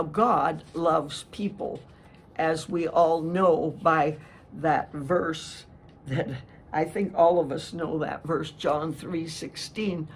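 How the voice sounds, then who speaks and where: An older woman giving a sermon, telling a personal testimony in an earnest, slow storytelling way with frequent restarts. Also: low-pitched, breathy edge. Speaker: speaker giving a testimony talk.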